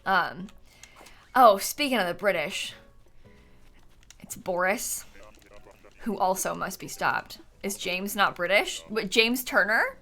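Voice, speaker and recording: Lively, bright-voiced young woman streamer. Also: mid-range voice, takes it slowly, pauses often, faint music behind. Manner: chatty and animated, laughs often, answers chat. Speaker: live streamer. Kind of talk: casual live-stream chat while gaming. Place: home setup, lives in Florida.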